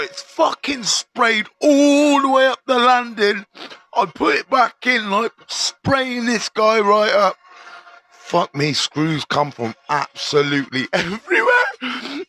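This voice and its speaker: A man's voice: very high voice, vocal fry, pushed and bright. A middle-aged man hosting a live stream, telling a prison story with swearing and street slang.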